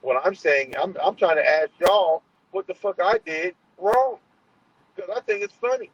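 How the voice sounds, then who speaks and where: Husky-voiced man ranting on a livestream. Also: sits high, animated, normal speed, dry recording, highs cut off. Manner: rambling, profane, confrontational, many fillers and restarts. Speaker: livestream host. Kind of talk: heated livestream monologue.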